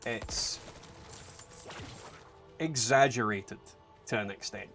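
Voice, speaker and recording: A man's voice: on the low side, slow, fairly bright tone. Sweary Scottish man streaming a game. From Scotland. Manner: profane, chatty, answering viewer chat. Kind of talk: casual live-stream chat while gaming. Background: game music.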